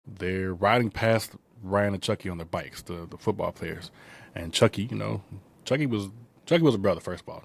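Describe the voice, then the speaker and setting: A gravelly, low-voiced man runs an informal film review podcast. He retells the story in a meandering way, heavy on fillers and asides, popping into quick character voices mid-recap.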